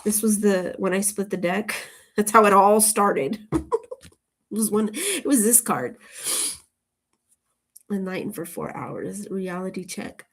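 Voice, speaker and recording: A tarot reader speaks animatedly but a little slowly, pausing often, in a mid-range voice. Her casual on-camera reading is chatty and meandering, with plenty of laughter between remarks.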